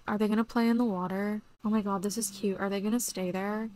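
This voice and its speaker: A young woman from Florida hosting a casual gameplay video, chatty and excitable, full of "like" and "oh my god". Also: mid-range voice, fast, slight background noise. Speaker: gaming video host.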